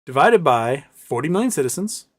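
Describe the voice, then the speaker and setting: Man in his forties, American, livestream host, ranting, sarcastic, somewhat high-pitched. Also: very animated, moderate pace, a bit bright, husky. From United States. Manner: ranting, sarcastic, reads chat questions aloud. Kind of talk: casual livestream commentary.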